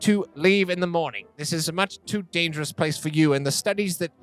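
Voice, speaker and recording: A man's voice: a little fast, smooth, soft background music, natural voice. A man doing a chatty old gnome grandpa. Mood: fussy. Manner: chatty, folksy, higher-pitched. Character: cheery elderly male gnome scholar, chatty.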